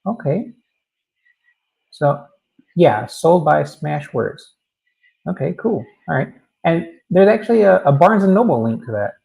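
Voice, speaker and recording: A male host with a slightly higher, gravelly voice keeps a casual chat moving with short, upbeat replies. He sounds relaxed as he wraps the conversation up. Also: a little slow, long pauses, low-quality recording. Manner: brief upbeat affirmations, wraps things up. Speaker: channel host. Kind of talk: casual video call chat.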